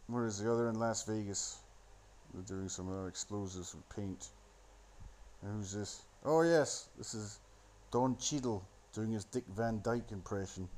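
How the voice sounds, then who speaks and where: A man's voice: fairly low pitch, unhurried, a little mellow. A man rambling into a phone, giving a sardonic, profane running commentary on a film. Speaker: solo commentator.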